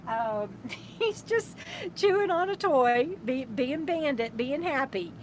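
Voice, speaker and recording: A woman's voice: high voice, animated, slow pace, a little hiss or hum. A woman hosts a casual RV live stream from inside her camper, reading viewer comments aloud in an affectionate, rambling way with many restarts. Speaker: RV travel vlogger, host of a live stream.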